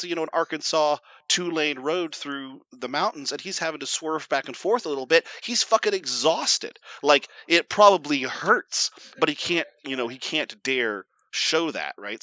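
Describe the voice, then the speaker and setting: A young adult man co-hosting a podcast, telling a long, profane, animated story in casual chat and mimicking his father in quotes. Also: mid-range voice, dry recording. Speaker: podcast co-host.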